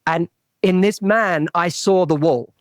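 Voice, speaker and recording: Earnest man with a higher voice, dry sound. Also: measured pace, dry recording. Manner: earnest, restarts and repeats words while telling a story. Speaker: relationship coach, podcast guest. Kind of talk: storytelling in a podcast interview.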